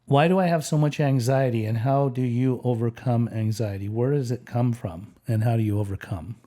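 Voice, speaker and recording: A man hosting a podcast, reading listener questions and thanking his guest warmly. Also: medium pitch, moderate pace. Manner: warm, appreciative, small fillers. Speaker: podcast host.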